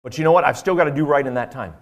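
Earnest male preacher, mid-pitched, storytelling sermon. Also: rapid-fire. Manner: earnest, conversational preaching with frequent fillers.

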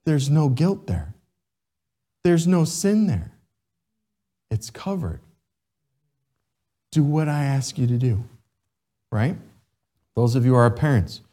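Animated male pastor preaching slowly. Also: medium pitch. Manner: animated, repeats "right?" to the congregation. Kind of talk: sermon.

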